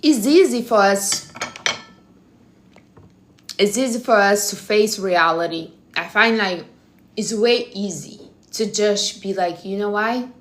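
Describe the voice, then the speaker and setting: A woman chats casually on a live stream, handing out blunt advice with a teasing edge. Her English has non-native phrasing, and her voice sits at an ordinary middle pitch for a woman. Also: slow pace, pauses often, a bit bright, slight background noise. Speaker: livestream host.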